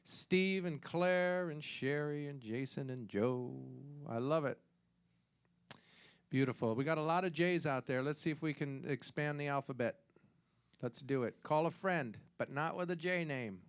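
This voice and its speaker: Lounge host, male, high unhurried voice, showman joking into a stage mic, faint guitar behind. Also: smooth. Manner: showman joking, swooping pitch on punchlines. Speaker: show host and singer. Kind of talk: comic showroom patter.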